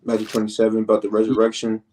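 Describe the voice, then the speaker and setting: A man co-hosting a casual Bible study who reads verses slowly and talks in slang. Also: lowish voice, completely flat delivery, mellow. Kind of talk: casual religious discussion and scripture reading.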